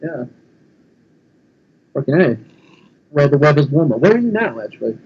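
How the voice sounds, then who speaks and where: A man's voice: fairly high pitch, very animated, normal speed, darkish tone, muffled recording. A man from England with a London accent, laid-back and casually swearing in a chat. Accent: London English.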